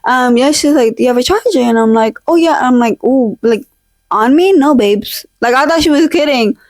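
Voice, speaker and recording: Her voice sits high and a little mellow as this young woman, hosting a casual podcast vlog, tells a chatty, slangy story with Spanish phrases at a moderate pace. There's no room sound; the poor home handheld or desk mic sometimes loses her as she drifts away.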